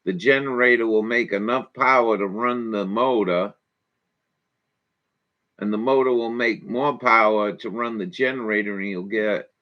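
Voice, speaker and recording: A man hosts a morning show and reacts to videos as he talks, crude and folksy, swearing freely. His pace is slow and drawn out. The sound is dull and lo-fi. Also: lowish voice. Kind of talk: casual commentary over videos.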